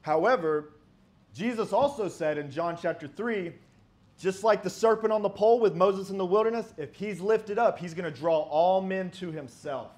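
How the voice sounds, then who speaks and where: A man with a notably high-pitched voice delivers an emphatic, argumentative sermon. He poses rhetorical questions and reads old-style scripture passages aloud. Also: normal speed, a little mellow. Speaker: preacher.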